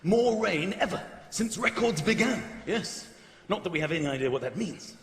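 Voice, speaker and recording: A man doing a stand-up comedy routine in a large theatre, animated, acting out characters and shouting punchlines. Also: high voice, moderate pace. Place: large theatre stage with audience. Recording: roomy live theatre recording with audience. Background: audience laughter.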